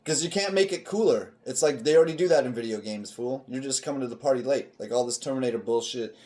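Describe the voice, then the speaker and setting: A man's voice: medium pitch, fast, a little mellow. Male podcast co-host, loose casual chat, swears freely, emphatic riffing delivery, mid-range voice.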